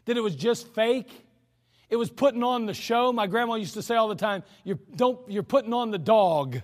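A man's voice: high-pitched, moderate pace. A male pastor preaching a sermon in a folksy, emphatic way, with chuckling asides, in a church sanctuary. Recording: long hall reverb.

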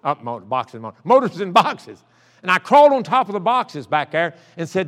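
A man's voice: high-pitched, big pitch swings, brisk, fairly bright tone. An older man preaching a sermon as pastor, mixing folksy stories with impassioned appeals. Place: church sanctuary. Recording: reverberant church sanctuary.

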